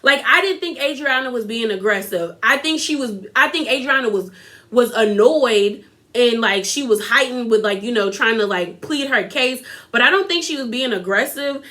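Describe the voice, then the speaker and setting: High, bright-voiced gossipy woman. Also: lively intonation, normal speed. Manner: gossipy, opinionated, addresses viewers directly. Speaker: reality TV recap vlogger. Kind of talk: casual chatty recap.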